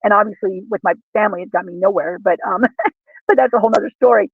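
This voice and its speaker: A man's voice: high voice, fast talker, gravelly, husky, no echo. A man in casual chat as a livestream guest, talking earnestly in a rambling, self-correcting way. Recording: tinny dry call audio.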